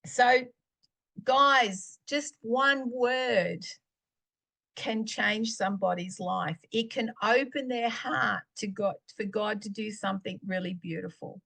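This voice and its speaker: A middle-aged woman, sharing a faith testimony in a chatty, animated storytelling way. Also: mid-range voice, takes it slowly, creaky. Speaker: podcast host.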